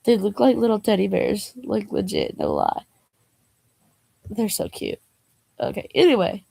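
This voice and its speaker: Young woman with a gravelly, animated voice. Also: medium pitch, a little slow, no echo. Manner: laughs and groans at the jokes, slangy asides. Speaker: vlogger. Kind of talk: reading jokes aloud, casual chat.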